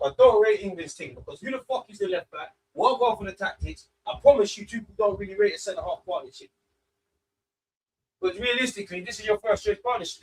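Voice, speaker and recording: A man hosting a live football watch-along, ranting excitably and swearing freely into a close mic. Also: high-pitched, slightly rough.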